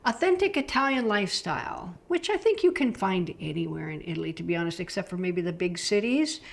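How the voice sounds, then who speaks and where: A woman's voice: fairly low pitch, very animated, brisk, creaky. A middle-aged woman from the United States chatting casually about travel, enthusiastic and loose, with frequent fillers. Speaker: travel vlogger.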